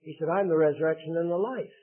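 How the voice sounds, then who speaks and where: An older man preaching a sermon in an earnest, emphatic way, building to loud declarations. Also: fairly high pitch, fast. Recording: tinny phone-like band.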